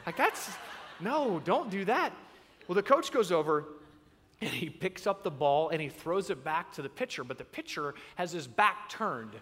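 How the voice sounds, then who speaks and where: Pastor, man, bright and high-pitched, animated storyteller, reverberant sanctuary. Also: normal speed. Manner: animated storyteller, acts out voices. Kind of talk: sermon. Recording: long reverb in a large hall.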